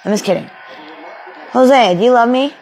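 A woman's voice: a little high, moderate pace, a little mellow, lightly acted, rough recording. A young woman acting a volatile young woman kicked out by her family, ranting and swearing with sarcasm in an amateur film. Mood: angry.

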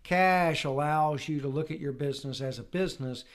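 A man's voice: fairly high pitch, normal speed. A man, a wealth advisor, chatting as a podcast guest and telling stories from his own past. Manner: storytelling, acts out quotes. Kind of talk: casual podcast interview.

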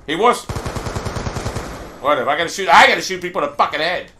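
A man playing a shooter game, ranting and swearing, and yelling now and then. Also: on the high side, expressive, fast talker, slight background noise. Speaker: gamer. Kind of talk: angry gameplay commentary.

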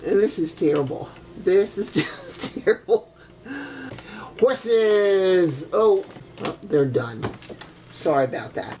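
Older woman, grandma gamer, unhurried, lively up-and-down delivery, exclaims with quaint oaths, faint hiss behind. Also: on the low side. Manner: chatty and exclamatory, with old-fashioned oaths and giggles. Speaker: gaming grandmother. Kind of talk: casual game commentary.

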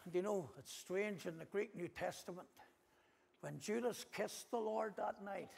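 A man with a Northern Irish accent preaching an impassioned sermon, rising to loud cries and dropping to hushed repetitions. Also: sits high, measured pace, gravelly, slightly rough. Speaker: pastor. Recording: long hall reverb.

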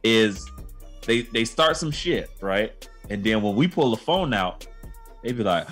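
A man co-hosting a casual podcast chat, talking animatedly and slipping into high mocking voices. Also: animated, measured pace, a bit bright, faint music behind. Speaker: podcast co-host.

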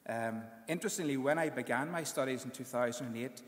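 A man with a British accent, a graduating student giving an earnest speech at his ceremony, often pausing on fillers. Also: mid-range voice, reverberant, big-room sound. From United Kingdom.

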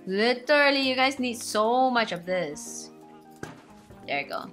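Excitable young woman gaming. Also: a little slow. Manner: excitable, squealing highs and gasps. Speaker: gaming channel host. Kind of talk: let's play commentary. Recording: faint game music behind.

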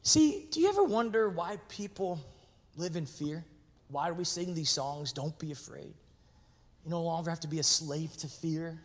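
A male pastor preaching a sermon, animated, swinging from hushed words to shouting. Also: fairly high pitch, moderate pace. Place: large church sanctuary. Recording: reverberant church hall.

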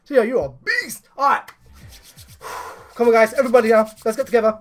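A man co-hosting a gaming channel, giving excited commentary while summoning in a mobile game, hyped and shouting when thrilled. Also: extremely high pitch, moderate pace, creaky.

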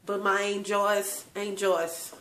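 A woman's voice: medium pitch, little pitch movement, slow, a bit bright, a little hiss or hum. A woman telling tearful personal family stories to her viewers, laughing often. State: crying at times. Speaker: channel host. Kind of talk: emotional personal storytelling. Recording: echoey room.

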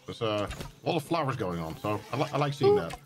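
A man's voice: on the low side, sing-song, fast talker. A man chatting casually with friends while playing a game together. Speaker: gaming co-player. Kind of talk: casual chat while gaming.

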